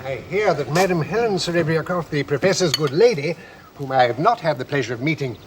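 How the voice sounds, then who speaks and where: A man's voice: fairly high pitch, animated, brisk, lightly acted. An actor playing an earnest, formal man who speaks with pompous solemnity about duty, in a 1970s television play. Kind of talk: 1970s television drama acting. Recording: old television sound with faint hiss.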